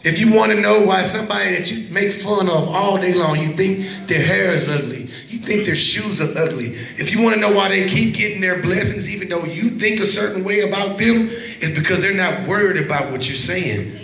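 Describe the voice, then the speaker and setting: Man, higher register, youth preacher: playful, laughing, hypes the crowd with call-and-response; roomy church sound. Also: fairly quick, vocal fry, a bit bright. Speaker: Christian hip-hop minister. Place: large church at a youth event. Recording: echoey church hall with crowd. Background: crowd reacting.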